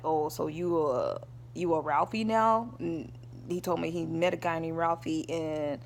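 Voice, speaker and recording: A woman's voice: on the low side, a little hiss or hum. A woman vlogger telling a personal story in a rambling, casual way, often stopping to check in with her listeners. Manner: rambling, checks in with listeners, addresses them as y'all.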